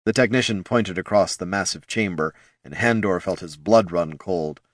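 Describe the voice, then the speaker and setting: A man narrating a fantasy audiobook in an even, measured way. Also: deep voice, no room sound, studio quality.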